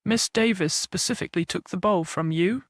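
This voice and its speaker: A man's voice: high-pitched, normal speed, a bit bright, dry recording, clean studio sound. A man playing a sarcastic, impatient inspector. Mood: stern. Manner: demanding, sarcastic.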